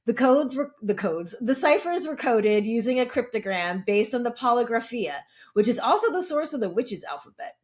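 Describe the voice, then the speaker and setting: A woman's voice: a little high, lively intonation, normal speed. A middle-aged woman co-hosting a podcast, chatting casually and reading a history segment, with jokey asides and casual swearing. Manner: swears casually, jokes about herself. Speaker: podcast co-host. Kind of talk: casual chat and read lore segment.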